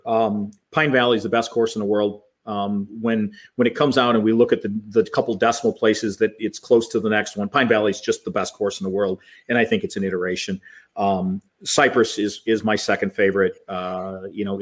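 A man answering as a podcast guest, talking casually with many ums and you-knows. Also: on the low side. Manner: relaxed, many fillers like um and you know. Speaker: podcast guest, golf author.

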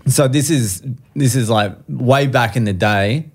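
A man's voice: medium pitch, measured pace, slightly rough. A man, a comedian guest telling a profane story on a podcast and laughing through it.

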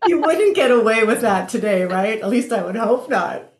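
A woman, a podcast guest, telling stories from her career in a casual, animated way. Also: a little high, moderate pace. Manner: animated storyteller, laughs while telling anecdotes. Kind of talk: casual conversation. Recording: roomy echo.

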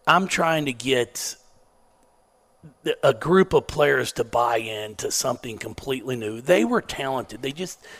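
A man's voice: mid-range voice, animated, measured pace, a bit bright. A middle-aged man, a basketball coach who stutters, telling self-mocking stories in a sarcastic, laid-back way. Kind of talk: casual storytelling interview.

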